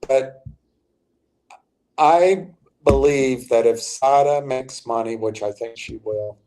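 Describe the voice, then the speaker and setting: An older man talks slowly through his livestream, his voice mellow and unforced. He rambles, stops mid-phrase, restarts, and speaks straight to his viewers as he comments on stocks. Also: medium pitch.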